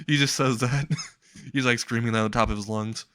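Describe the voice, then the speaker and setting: A man's voice: mid-range voice, steady tone, normal speed, pushed and bright, no room sound. A man telling a comedic story casually, crude, rambling and often laughing.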